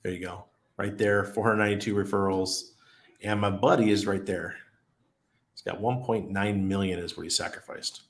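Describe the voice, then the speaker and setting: A middle-aged man with a lowish voice hosts a relaxed live stream. He talks in an easygoing, chatty way, chuckles often, and reads viewers' messages aloud. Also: moderate pace. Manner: laid-back, chatty, laughs often, reads chat aloud. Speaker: crypto livestream host. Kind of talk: casual live stream chat.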